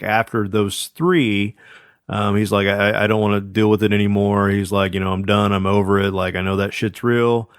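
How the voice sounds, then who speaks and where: A man's voice: fairly low pitch, clear, resonant tone, no echo, clean studio sound. A man co-hosting a podcast, telling a story casually with lots of fillers and restarts. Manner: rambling, many fillers and restarts. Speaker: podcast co-host.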